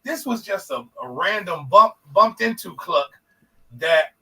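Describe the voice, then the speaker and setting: A man co-hosting a podcast, telling a profane, animated story in casual chat and acting out the people in it. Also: sits high, measured pace, husky, recorded from a distance, low-quality recording. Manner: animated, profane, acts out quoted voices. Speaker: podcast co-host.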